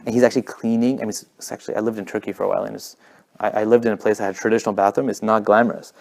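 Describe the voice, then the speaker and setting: Fast-talking man telling a story. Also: lowish voice, vocal fry. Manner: fast, animated storyteller with many fillers and restarts. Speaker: speaker at a community talk. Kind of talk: casual religious storytelling.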